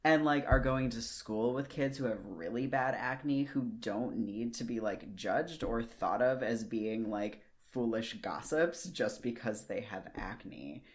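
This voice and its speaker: Slow drawly podcast cohost in their thirties, mid pitch, takes their time, gets a bit fired up, own mic on a call. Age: 30s. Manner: slow and thoughtful, stretches words while thinking, gets riled up. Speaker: podcast co-host. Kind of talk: casual chat. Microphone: own microphone on a video call.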